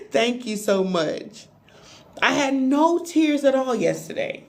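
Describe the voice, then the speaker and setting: A woman tarot reader chatting on a live stream, animated and playful, talking straight to her viewers. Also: high voice, slow pace, noisy background. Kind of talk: live-stream spiritual reading chat.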